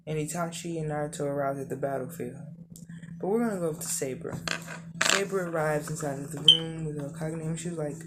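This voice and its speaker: A narrator improvising a fan-made story, talking in a halting way with many ums and correcting details as they go. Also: medium pitch, fairly even intonation, noisy background.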